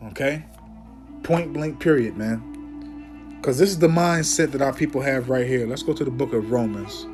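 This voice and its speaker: Teaching scripture informally, this man is emphatic and preachy, often ending sentences with "man" or "okay?". His medium-pitched voice slows to a declaiming delivery when he reads Bible verses aloud, with music playing in the background.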